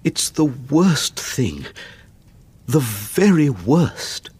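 Man doing a worried middle-aged banker, quiet, hesitant, slow, husky. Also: mid-range voice, very animated, pitched above the performer's own voice, exaggerated voice.

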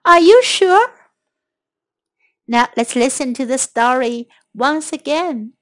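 A woman teaching English phrases to children, translating them and repeating each one slowly. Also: high voice, lively intonation. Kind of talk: bilingual language lesson.

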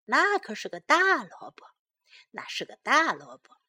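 A woman reading a children's story aloud in two languages and teaching English, slowly and clearly repeating phrases for learners. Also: high voice. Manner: lively storybook delivery.

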